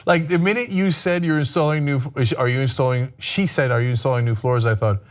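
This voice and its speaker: A man's voice: mid-range voice, brisk. A man co-hosting a talk show, chatting casually with his co-host. He makes playful jokes, teases her and laughs easily. His voice sits in an ordinary middle range. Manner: joking, teasing banter.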